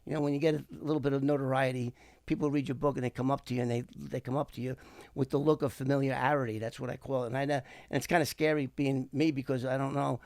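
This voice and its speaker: Speaking fast in a creaky, mid-range voice, a middle-aged former FBI informant recounts a story as an interview guest. He's animated and casual, acting out the voices of the people he quotes. The recording is dry and studio-clean.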